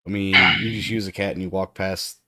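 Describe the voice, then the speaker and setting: A man narrating a tabletop role-playing game as game master. His voice is low and the sound is dry and close. He narrates in a halting, hesitant way. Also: level tone, fairly bright tone, no room sound.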